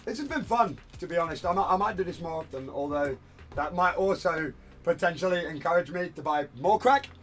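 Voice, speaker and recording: A man's voice: sits high, lively intonation, a little fast, a bit bright. A man chatting casually on a hobby livestream from a room at home, rambling and self-deprecating while he works at his desk. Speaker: streamer.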